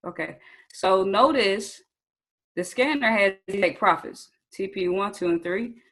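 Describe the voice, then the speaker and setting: A woman's voice: medium pitch, unhurried, a bit bright, poor audio. A young woman leading a live online training session, talking casually and checking in with her viewers often. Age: young adult. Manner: casual, chatty, addresses viewers as "you guys" and "y'all"; checks in often with "okay?" and asks for chat answers. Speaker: trading instructor.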